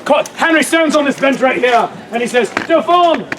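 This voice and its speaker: A man performing a comedy show at an outdoor fair stage, loud and playful, bantering with the audience. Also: very high-pitched, brisk, background noise. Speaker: street performer. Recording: live outdoor audience audible. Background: crowd laughing and cheering.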